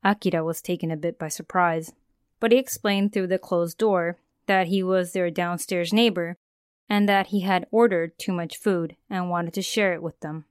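A woman podcast host narrating a scripted horror tale in a calm manner, now and then asking the listener a question. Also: fairly low pitch, moderate pace, clean tone, no room sound, studio quality. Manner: calm storyteller who asks the listener questions.

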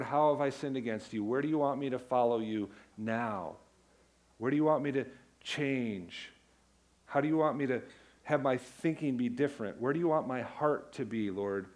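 Middle-aged male pastor, casual storytelling sermon with emphatic peaks, mid-pitched voice. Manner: storytelling, conversational with emphatic declarations.

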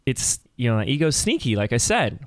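A man in his thirties hosting a solo podcast, talking in an energetic, conversational coaching manner. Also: mid-range voice, normal speed, dry recording, studio quality. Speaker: podcast host.

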